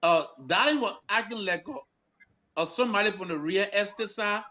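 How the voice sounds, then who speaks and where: A man and new homeowner, talking haltingly on a video call with many restarts. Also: high-pitched, bright, forceful tone, lo-fi sound. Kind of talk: casual testimonial on a video call.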